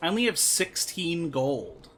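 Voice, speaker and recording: A man's voice: on the high side, big pitch swings, measured pace, a bit bright, a little hiss or hum. A young man streaming a strategy game, commenting in a loose, exasperated way with lots of swearing. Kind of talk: let's-play commentary.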